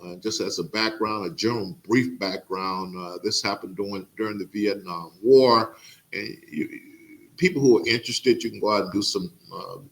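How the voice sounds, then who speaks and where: A middle-aged man from Mississippi hosts a podcast interview. His voice sits fairly low, and he speaks earnestly, pausing often on "uh" as he gathers his thoughts. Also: fairly bright tone. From Mississippi, USA. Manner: halting, many "uh" fillers, earnest. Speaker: podcast host. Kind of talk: casual interview introduction.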